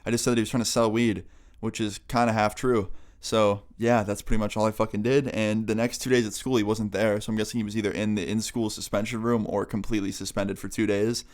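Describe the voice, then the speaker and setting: A man's voice: on the low side, level tone. A young man, a vlogger, telling a casual story time, chatty and profane. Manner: rapid, profane, chatty retelling.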